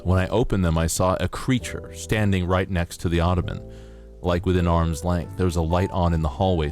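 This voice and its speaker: Male streamer, lower register, casual and jokey, reads stories aloud and riffs on them. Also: darkish tone. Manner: joking, playful, swears casually, laughs at himself. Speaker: livestreamer. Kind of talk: casual livestream chat, reading out stories.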